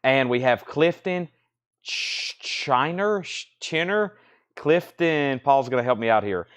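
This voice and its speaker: A man's voice: mid-range voice, lively intonation, a little slow, clean tone. A man hosting a live online vinyl record sale, calling out lots and prices in casual auction patter and repeating the details. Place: record shop.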